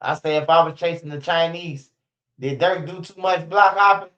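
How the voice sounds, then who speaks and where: A man's voice: fairly high pitch, moderate pace, a bit bright. A young man ranting casually to his viewers on a stream, with loose, profane street slang and lots of repetition. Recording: dull lo-fi stream audio.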